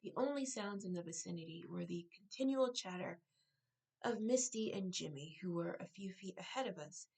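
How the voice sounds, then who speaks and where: A woman author reading her own novel aloud, now and then breaking off to correct herself or make a quick aside. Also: on the low side, animated, gravelly, darkish tone, husky, rough recording.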